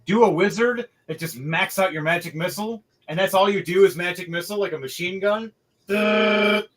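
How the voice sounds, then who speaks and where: A man running a tabletop game as dungeon master, talking in a somewhat high, bright voice. He rambles, curses freely and tells the action with energy. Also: moderate pace, faint music behind. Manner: animated, profane, rambling.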